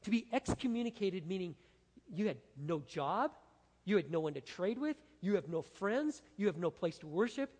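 Male pastor, dramatic sermon delivery, highly animated intonation, long hall reverb. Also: moderate pace. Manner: emphatic, dramatic, acts out the quotes. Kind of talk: expository sermon.

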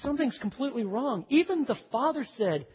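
Husky-voiced male preacher in a reverberant hall. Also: big pitch swings, fairly quick. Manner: emphatic, swings from loud stresses to hushed low phrases; talks straight to the congregation. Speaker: pastor. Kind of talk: sermon. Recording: dull recording with long hall reverb.

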